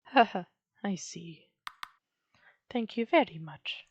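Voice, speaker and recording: A woman voicing a gentle, lonely female witch who speaks in a soft, sweet, coaxing way. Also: medium pitch, lively intonation, takes it slowly, lo-fi sound, slight background noise. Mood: soothing.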